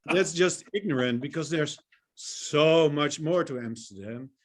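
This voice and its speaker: A Dutch man from the Netherlands performs stand-up over a video call, cracking jokes and laughing at his own material. His voice is slightly high and his pace measured, with a noisy background behind him.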